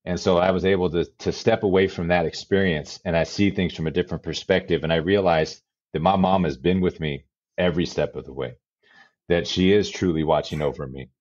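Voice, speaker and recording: A man in his forties with a very low, deep voice tells a personal story in an earnest way. He slows down on the heavy moments. The recording sounds dry and a little dull. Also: a little mellow, no room sound. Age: 40s. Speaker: interview guest, life coach.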